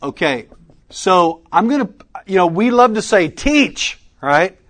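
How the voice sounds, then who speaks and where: A man teaching a conference workshop, asking the audience questions and pausing for their answers. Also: high-pitched, sing-song, fairly bright tone. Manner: interactive, quizzing the audience with questions; Southern "y'all" in speech. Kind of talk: teaching session. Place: conference room with a live audience.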